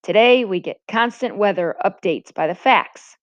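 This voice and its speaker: A woman's voice: medium pitch, animated, moderate pace, no room sound, close to an everyday voice. A good-natured old sea captain rambles on kindly about the sky and weather, voiced by a woman reading aloud. The recording is dry and muffled. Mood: genial. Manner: rambling, chuckling. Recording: dull lo-fi recording.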